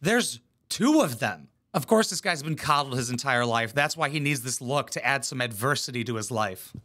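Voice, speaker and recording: Lively, sharp-voiced male reaction host. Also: medium pitch, normal speed. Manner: mocking, blunt, swears a lot. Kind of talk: profane sarcastic commentary.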